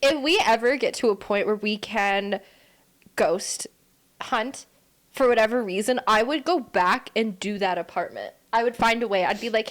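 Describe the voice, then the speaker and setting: A woman's voice: medium pitch, normal speed. A woman co-hosting a podcast in casual chat, cutting in with playful jokes. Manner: playful, jokey interjections. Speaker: podcast co-host.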